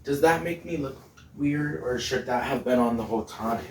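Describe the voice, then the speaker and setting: A man's voice: mid-range voice, moderate pace, heavy background noise. A man hosting a casual cooking vlog from his home kitchen, playful and chatty, often laughing as he talks. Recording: roomy sound from a distant mic.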